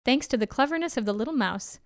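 A woman reading a children's story aloud in a gentle, measured way. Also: on the high side, animated, clean tone, no room sound, clean studio sound.

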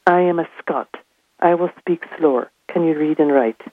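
A woman's voice: sits low, moderate pace, no echo, close to an everyday voice. A woman voicing a burly Scottish mill foreman who talks bluntly, heard over a phone line. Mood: gruff. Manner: blunt, commanding, plainspoken.

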